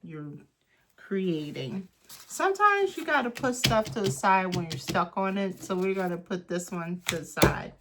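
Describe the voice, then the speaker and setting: A woman's voice: mid-range voice, expressive, very noisy. A woman chatting casually through a craft project, thinking aloud and talking to herself as she works. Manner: slow, unhurried delivery with frequent pauses. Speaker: craft and journaling creator. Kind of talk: casual craft tutorial chat.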